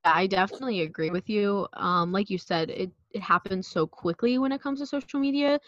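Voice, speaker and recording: A young woman from South Philadelphia co-hosting a casual podcast, chatty and quick with lots of fillers. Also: mid-range voice, no echo, muffled recording. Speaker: podcast co-host.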